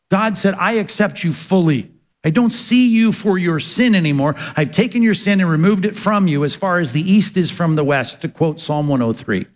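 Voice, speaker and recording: A man's voice: high voice, in a large hall. A man preaching a sermon as pastor, earnestly asking rhetorical questions and answering them himself.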